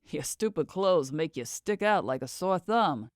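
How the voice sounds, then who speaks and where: A man's voice: a little high, lively intonation, unhurried, dry recording, studio quality. A woman voicing a carefree young backpacking musician in his twenties who talks in a breezy, teasing way, in a storybook reading. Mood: easygoing. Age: 20s.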